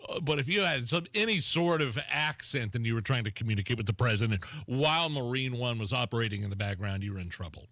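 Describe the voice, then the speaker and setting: Bright, dry-voiced talk radio host. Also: male voice, medium pitch, fast talker, hardly any pauses, no room sound. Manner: laughing, animated. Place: radio studio.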